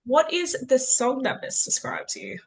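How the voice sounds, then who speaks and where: A woman hosting an author interview over a video call, enthusiastic and gushing as she fires off quick questions. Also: high voice, big pitch swings, gravelly. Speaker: interview host. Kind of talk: casual interview chat.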